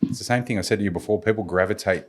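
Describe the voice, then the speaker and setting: A man's voice: lowish voice, rapid-fire. A man speaking as a guest expert on a podcast panel, explaining communication with a confident coaching manner. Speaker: guest security and communication specialist.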